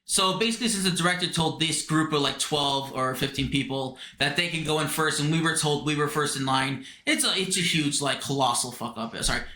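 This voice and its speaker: A man's voice: a little high, a little fast, few pauses, pushed and bright. A man co-hosting a podcast, explaining events step by step in a casual chat and using a lot of filler words. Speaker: podcast co-host. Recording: roomy echo.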